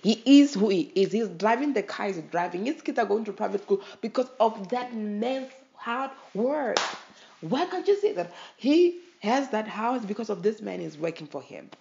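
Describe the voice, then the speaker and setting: A South African host talks straight to listeners in a casual podcast monologue, emotional and pressing. The voice carries heavy vocal fry. The recording sounds dull and lo-fi. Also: mid-range voice, animated, normal speed, a little mellow. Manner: emotional and impassioned, urging listeners.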